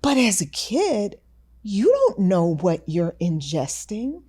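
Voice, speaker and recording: Woman podcast host, slow and deliberate, pitch swoops all over, reflective talk. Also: huge pitch swings, dark tone, husky. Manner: slow, deliberate, sing-song emphasis. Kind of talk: reflective conversation.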